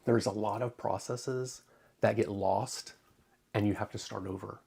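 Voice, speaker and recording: Gravelly, husky man on a livestream. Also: fairly low pitch, steady tone, warm tone. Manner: emotional, halting, many ums, close to tears. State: tearful. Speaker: crafting channel host. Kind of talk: casual livestream talk.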